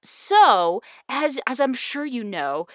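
A woman's voice: fairly high pitch, very animated, slow pace, fairly bright tone, no room sound, clean studio sound. A woman hosting a casual podcast chat, bubbly and fond of puns, laughing often. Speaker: podcast host.

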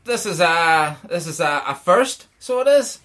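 A man's voice: a little high, animated, a little slow, a bit bright. A man with a Northern Irish accent hosting a podcast, joking and laughing as he chats. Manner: jokey, laughing, rambling. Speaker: podcast host. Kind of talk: casual chat.

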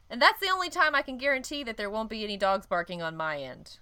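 A woman's voice: fairly high pitch, lively intonation, fast talker, sharp tone, clear, resonant tone. A woman co-hosting a podcast, telling a story in rambling casual chat, laughing often and cutting herself off. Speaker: podcast co-host.

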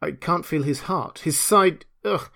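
A frantic male doctor in a storybook reading, shouting urgent orders in breathless cries, as a man reads him aloud. His voice sits at a middling pitch and jumps sharply higher when he calls for help. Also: moderate pace, natural voice. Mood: shaken. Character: desperate male doctor grappling an unseen foe.

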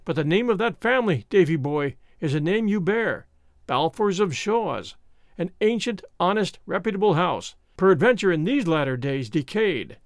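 A man's voice: high-pitched, lively intonation, moderate pace, no room sound, clean studio sound. A man voicing a kindly, earnest old country minister in an audiobook, giving solemn, old-fashioned counsel. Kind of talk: audiobook reading.

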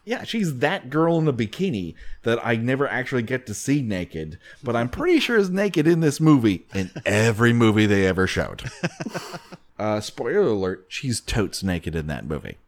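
A man's voice: medium pitch, normal speed. A man co-hosting a podcast, joking and laughing often in casual comedic chat. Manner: joking, animated, frequent laughs. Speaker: podcast host.

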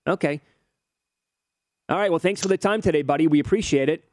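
A man hosting a sports betting talk show in casual banter, animated and prone to acting out quotes. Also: on the high side, fast talker, no room sound, clean studio sound. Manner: animated, acts out quotes in a mocking voice.

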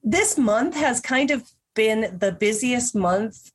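A woman's voice: on the high side, animated, slow, slightly rough. A woman guest on an interview podcast, talking casually with a stuffy nose, rambling with restarts and small laughs.

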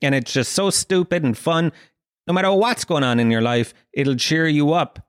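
Speaking at normal speed in a voice on the high side, this young Irish podcast host rambles through crude, joking stories as a comic monologue. He's close to the mic, and the recording is dry.

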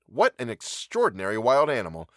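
Casting: fussy, prim landowner, brisk and demanding, lively swings in pitch, voiced by a male narrator. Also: no echo, clean studio sound. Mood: authoritative.

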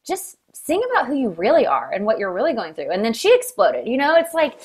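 A woman's voice: a little high, wildly swooping pitch, brisk, slightly rough. A woman hosting an interview, talking in an earnest, encouraging, reflective way. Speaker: interview host. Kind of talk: casual interview chat.

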